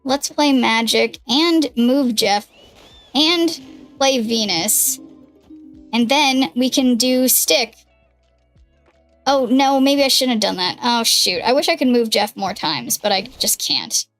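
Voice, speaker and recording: A woman's voice: a little high, takes it slowly, fairly bright tone, no room sound. A young woman streaming a card game, chatting casually and thinking aloud over her moves on a headset mic. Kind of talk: casual gaming livestream commentary. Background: faint background music.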